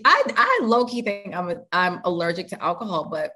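A woman's voice: lowish voice, brisk. A young woman chatting casually with friends as a podcast co-host, chatty and playful. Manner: chatty, animated, playful asides. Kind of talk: casual chat among friends.

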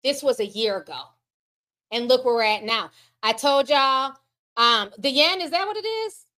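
A woman's voice: high voice, lively intonation, moderate pace, bright, forceful tone. A woman hosting a casual livestream, reading super chats and giving sassy commentary that is full of swearing and spoken straight to her chat.

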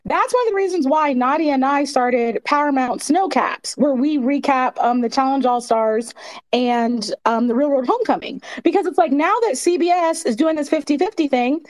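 A woman's voice: sits high, moderate pace. A woman talking casually in a live audio chat, outspoken and emphatic. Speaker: podcast co-host speaking in a live audio space.

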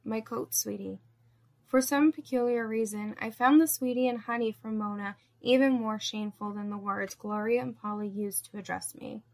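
A woman reads a first-person story aloud at a steady, measured pace. Her voice sits somewhat high with a noticeable gravelly fry. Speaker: story narrator.

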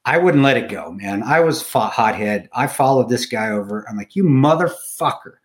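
A man's voice: lowish voice, moderate pace. A middle-aged man telling a war story in a blunt, profane, casual way, often restarting his sentences.

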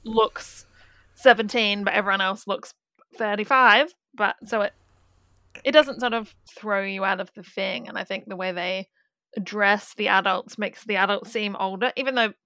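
A woman co-hosting a casual film podcast, animated and quick to mimic characters in funny voices. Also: mid-range voice, no room sound. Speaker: podcast co-host.

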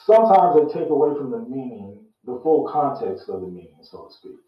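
A man hosting his own show and teaching on Bible verses in a casual way, slow and deliberate, repeating phrases for emphasis. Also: mid-range voice, big pitch swings, distant mic. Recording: very echoey muffled room.

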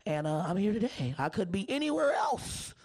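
A woman comedian doing a live stand-up set with a hoarse voice. She is brash and profane and teases the audience. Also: medium pitch, big pitch swings, moderate pace, a little mellow.

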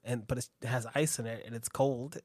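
A man's voice: mid-range voice, fairly even intonation, fairly quick, a little mellow, dry recording, studio quality. A man hosting a casual chat who rambles, swears a lot and laughs easily.

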